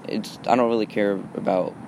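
A teenage boy from Texas rambles through a solo podcast outdoors in the wind, with background noise. His voice is fairly low and fairly even, and he talks fairly quickly. He sounds hesitant and keeps repeating fillers.

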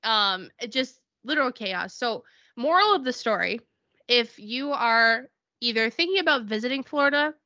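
A woman chats casually on a podcast, and her bright, fairly high voice is lively as she plays out each person in her stories. The mic sound is dry and a little dull, with no room around it. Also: moderate pace, dry recording. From Connecticut. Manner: animated storytelling, acts out quoted people. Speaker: podcast co-host. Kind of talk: casual chat.

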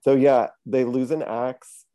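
A man's voice: medium pitch, steady tone, takes it slowly, mellow, muffled recording. A man co-hosting a podcast, chatting casually, hesitant and often apologizing. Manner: apologetic, hesitant, lots of fillers. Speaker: podcast co-host. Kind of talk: casual chat.

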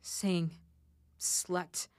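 A woman playing a young woman harassed at her office, speaking in halting, emotional lines of a spoken word drama. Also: dry recording. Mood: anguished. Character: young woman harassed at work after an assault.

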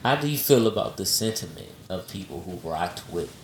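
A man's voice: low voice, expressive, brisk, roomy sound. A man co-hosting a casual podcast chat, teasing and pressing the others with questions. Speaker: podcast co-host.

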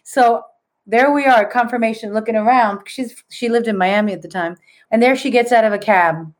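A woman's voice: on the high side, normal speed. A middle-aged woman, a podcast guest, telling a story in casual conversation and acting out the people she quotes.

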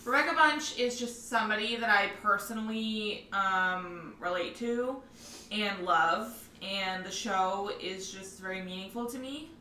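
A woman's voice: mid-range voice, measured pace, pushed and bright. A young woman co-hosting a casual home podcast, giggly and bouncy. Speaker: podcast co-host. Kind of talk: casual chat. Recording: echoey room, mic far off, faint background hiss.

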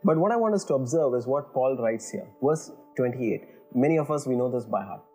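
A man's voice: medium pitch, animated, brisk, hardly any pauses, mellow, husky, faint music behind. A man preaching a sermon in an earnest way, building emphasis and checking in with "you know" and "all right". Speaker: pastor.

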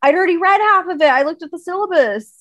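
A woman in her twenties co-hosting a podcast, chatting quickly with fillers and bursts of laughter. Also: very high-pitched, lively intonation, a bit bright, a little hiss or hum, rough recording. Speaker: podcast co-host. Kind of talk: casual chat.

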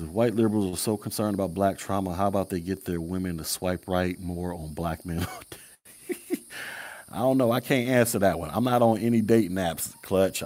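A man's voice: low-pitched, dark tone, husky. A man hosting a casual commentary podcast, talking bluntly in heavy slang, laughing often and answering chat comments. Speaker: podcast host.

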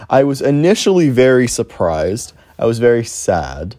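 This young man hosts his own podcast alone, wandering off on tangents, mocking himself, and swearing as his thoughts spill out. He speaks at a normal speed in a warm, mid-range voice that is very animated.

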